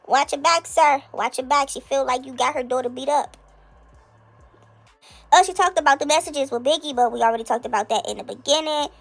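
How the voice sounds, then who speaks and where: High-voiced woman recapping gossip. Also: brisk, gravelly. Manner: chatty, incredulous recapping. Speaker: gossip commentary host. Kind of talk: casual commentary.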